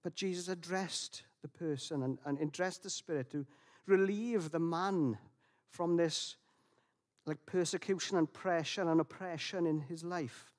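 A man gives a sermon in a fairly high voice. He talks in a gentle, reflective way, often restarting his phrases and pausing on fillers. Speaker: preacher.

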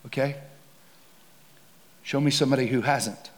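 A man preaching a casual, slangy sermon that builds to shouts. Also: medium pitch, normal speed. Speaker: pastor.

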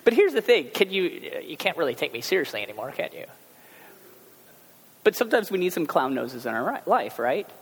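A man preaching a sermon as pastor, telling everyday stories in a chatty, animated way. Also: a little high, fairly quick, husky. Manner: conversational storytelling, animated asides. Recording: long hall reverb.

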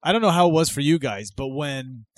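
A man co-hosting a podcast, reflecting in a halting, casual way. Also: a little high, lively intonation, no echo. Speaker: podcast co-host. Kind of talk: casual chat.

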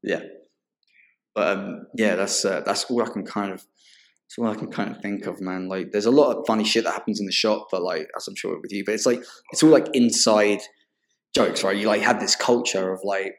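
A man's voice: lowish voice, fairly even intonation, normal speed. A young English man, a barber guest, telling rambling stories full of swearing in a casual chat. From England.

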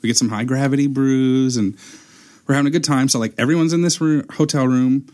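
A man's voice: medium pitch, a little fast. A young man telling a story in casual chat, acting out the quotes as he goes. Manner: animated storyteller, acts out quotes.

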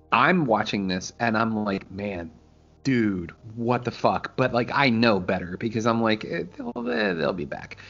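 A man co-hosting a casual chat, telling stories in an animated way, swearing freely and acting out quotes. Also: fairly low pitch, highs cut off. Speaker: podcast co-host.

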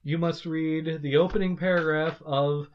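A man's voice: fairly high pitch, fairly even intonation, normal speed, muffled recording. A man hosting a podcast in casual chat, speaking in a mock-formal way to his listeners. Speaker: podcast host.

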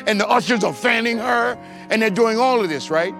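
High-voiced man telling a church testimony. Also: a little fast, creaky, soft background music. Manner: animated storytelling, acting out voices with big swings in pitch and loudness. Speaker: testimony speaker.

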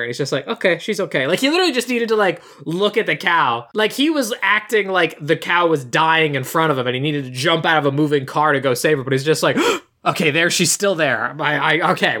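A podcast co-host recapping a movie in casual talk. The voice has a bright, crisp edge at a middling pitch, and the telling is animated, with quick switches into the characters' lines.

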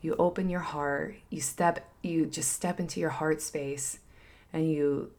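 Earnest mother, lower-pitched woman. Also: steady tone, unhurried, darkish tone. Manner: earnest, confessional, many fillers and restarts. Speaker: parenting vlogger. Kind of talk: candid heartfelt monologue.

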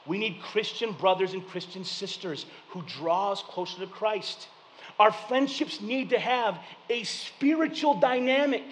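Man preaching, high voice, bright tone, lively storytelling, loud then hushed, long hall reverb. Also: unhurried. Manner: animated storytelling, swings from loud punchlines to hushed reflection. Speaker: pastor. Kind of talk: sermon with personal stories.

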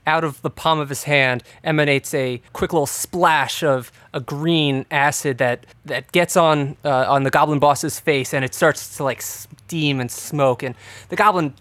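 A man's voice: on the high side, a little slow, fairly bright tone, no room sound. A man narrating combat as the dungeon master of a tabletop game, describing the action with frequent restarts.

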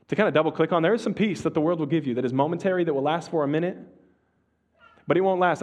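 A male pastor giving a sermon in a relaxed, conversational way, with slang and restarts, dropping to a slow hush on key phrases. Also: a little high.

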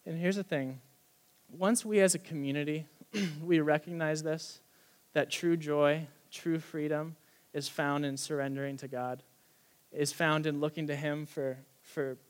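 Earnest young man preaching casually. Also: a little high. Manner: conversational, earnest, many fillers and restarts; softens and quietens toward closing prayer. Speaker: pastor. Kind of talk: sermon.

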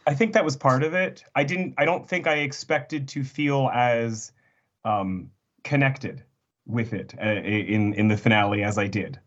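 A man's voice: mid-range voice, unhurried, fairly bright tone, muffled recording. A man on a podcast panel, speaking thoughtfully and hesitantly while he searches for words. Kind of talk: casual podcast chat.

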